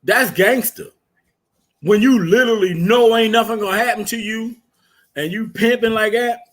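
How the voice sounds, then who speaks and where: A man's voice: sits high, normal speed, a bit bright. A man on a casual podcast, telling stories with lots of swearing and laughing as he goes. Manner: storytelling, profane, laughs while telling. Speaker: podcast co-host. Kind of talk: casual chat.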